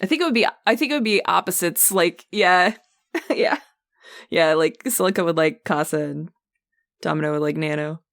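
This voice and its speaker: Giggly chatty woman with a lowish voice. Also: normal speed, dry recording, clean studio sound. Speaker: podcast co-host, player. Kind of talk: casual chat about tabletop roleplaying.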